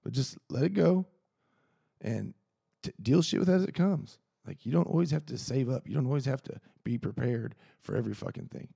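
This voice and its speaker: A man's voice: mid-range voice, expressive, brisk, gravelly, dark tone, husky, no echo, studio quality. A man hosting a casual solo podcast, rambling and heated, swearing freely. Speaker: podcast host.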